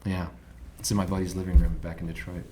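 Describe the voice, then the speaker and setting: Low-voiced Midwestern man telling stories. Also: fast, a little hiss or hum. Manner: animated storyteller, acts out quotes loudly. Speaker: podcast guest, motorcycle designer. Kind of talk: casual storytelling chat.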